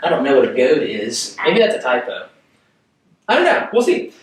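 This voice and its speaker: A man's voice: mid-range voice, huge pitch swings, normal speed, distant mic. A young man leading a preteen worship lesson, explaining scripture in a chatty way with lots of rhetorical questions. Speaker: youth worship leader. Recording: echoey room, off mic.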